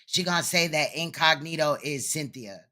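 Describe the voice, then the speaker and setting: A woman's voice: sits low, moderate pace, bright, forceful tone. A woman hosting reaction commentary, blunt, mocking and profane. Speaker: commentary host.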